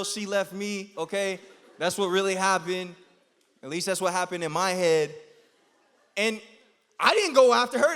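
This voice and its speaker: A young man giving a youth sermon, telling a story in an animated, slangy way and laughing as he goes. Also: high-pitched. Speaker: youth speaker. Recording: long hall reverb.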